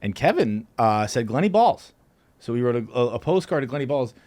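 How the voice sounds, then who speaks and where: A man guesting on a podcast, telling a rowdy story casually, laughing and jumping into high yelps when he reenacts his own yells. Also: expressive, fast.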